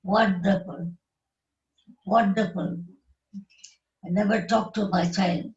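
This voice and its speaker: Grieving woman in her nineties, slow halting speech. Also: mid-range voice, steady tone, a little mellow, recorded from a distance. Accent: South African Indian English. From South Africa. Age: 90s. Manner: slow, halting broken English with short phrases. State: grieving, emotional. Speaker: interview guest. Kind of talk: tearful life-story recollection. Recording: echoey dull live-stream audio.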